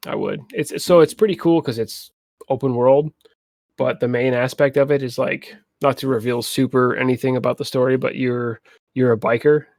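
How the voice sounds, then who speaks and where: A young man co-hosts a casual podcast at a middle pitch, swearing freely and acting out quotes in funny voices. His voice is close and dry, with no room sound. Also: moderate pace, gravelly, no echo. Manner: animated, swears a lot, acts out quotes. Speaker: podcast co-host. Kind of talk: casual chat. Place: home streaming setup.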